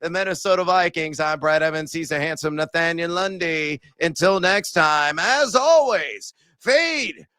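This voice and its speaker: A middle-aged man co-hosting a sports betting podcast, energetic and jokey, breaking into shouts. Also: a little high, moderate pace, few pauses, smooth, dry recording. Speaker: podcast co-host.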